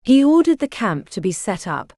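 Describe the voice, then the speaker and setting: A woman reads a historical romance audiobook with expressive, dramatic delivery. Her pitch rises and falls widely, her tone is mellow and soft-edged, and the recording is dry and close. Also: normal speed, no echo. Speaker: audiobook narrator. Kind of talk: scripted romance audiobook narration.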